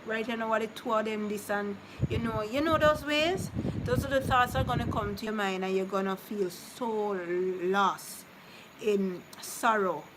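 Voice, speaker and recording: A woman's voice: on the high side, a little slow. A woman chatting casually with viewers on a live stream, consoling some and teasing others. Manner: chatty, consoling then teasing, drifts between topics. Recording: noticeable background noise.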